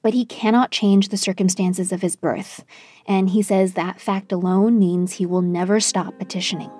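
A woman news correspondent reading a scripted report in a measured, even way. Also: mid-range voice, husky, dry recording, studio quality.

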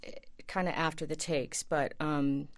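A woman's voice: deep voice, steady tone, unhurried. A woman speaking as an actress guest in an interview, chatty and rambling, with many hesitations. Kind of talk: casual interview chat.

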